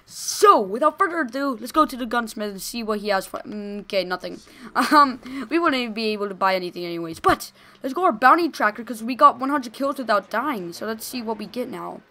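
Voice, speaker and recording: Excitable young woman gaming commentator. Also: a little high, a little fast. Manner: excitable, gushing, shouts during fights. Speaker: gaming video host.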